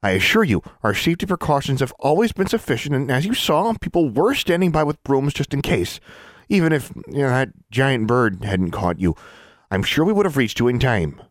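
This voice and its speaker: A man's voice: medium pitch, big pitch swings, brisk, no echo, clean studio sound, pitched above the performer's own voice. A man voicing a kindly, reassuring middle-aged female teacher. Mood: soothing. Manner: soothing and reassuring.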